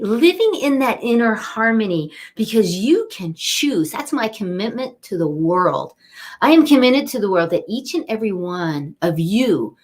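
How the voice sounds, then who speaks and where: A middle-aged woman giving an inspirational card reading on a webcam live stream, chatty and upbeat, speaking straight to her viewers. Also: fairly high pitch. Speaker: angel card reader.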